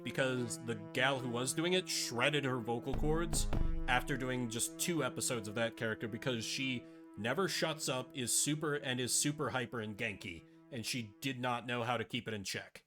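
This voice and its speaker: A man's voice: medium pitch, moderate pace. A man chatting casually and rambling as he streams a game live. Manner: chatty, rambling, self-deprecating. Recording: game music behind.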